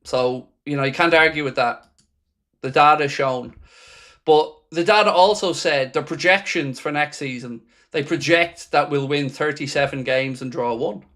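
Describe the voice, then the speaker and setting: A man's voice: fairly high pitch, normal speed, fairly bright tone. A man with a slightly raised voice hosts a live football watchalong from a home streaming setup. He reads viewer messages aloud and answers each one with dry, sarcastic fan commentary. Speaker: watchalong host.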